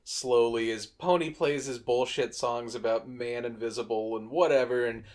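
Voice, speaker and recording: Guy on a movie podcast, animated and swears a lot, mid pitch, just chatting. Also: normal speed. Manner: animated storyteller, swears freely. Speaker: podcast co-host. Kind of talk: casual movie-review chat.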